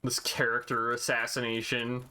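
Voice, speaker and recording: A man's voice: medium pitch, monotone, moderate pace, bright, forceful tone. A man streaming a video game, chatting casually with lots of swearing and mock indignation. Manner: profane, joking, mock-indignant. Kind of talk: casual gaming chat.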